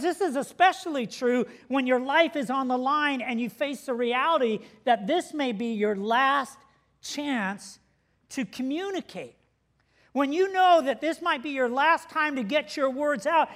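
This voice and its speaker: A middle-aged pastor preaching to his congregation in a high, bright voice. He tells a story, laughs along with it and shouts out the quoted lines. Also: unhurried. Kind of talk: sermon.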